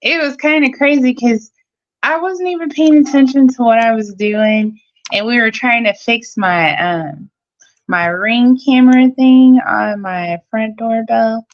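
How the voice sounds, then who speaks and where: A woman's voice: a little high, a little slow. A woman calling in to a live stream, arguing her side in a heated casual debate, blunt and sassy, swearing freely. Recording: dull lo-fi audio.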